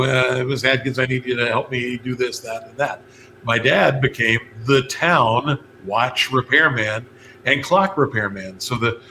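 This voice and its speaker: A bright, forceful man from West Virginia tells homespun stories as a talk show guest. He keeps a relaxed, anecdotal manner with easy laughs, over a faint hiss of background noise. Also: mid-range voice. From West Virginia, USA. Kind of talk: radio interview chat.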